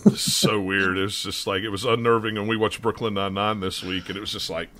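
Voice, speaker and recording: A man hosts a relaxed gaming podcast in a slightly low voice with a bright, forward tone. He talks in loose, stop-start runs, often restarting a thought before it lands. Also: fast talker. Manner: rambling, stop-start delivery with frequent restarts. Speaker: podcast host. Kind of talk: casual chat.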